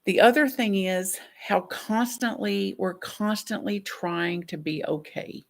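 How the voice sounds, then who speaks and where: A middle-aged woman minister giving a gentle, reflective sermon with soft laughs. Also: medium pitch, slow pace, vocal fry.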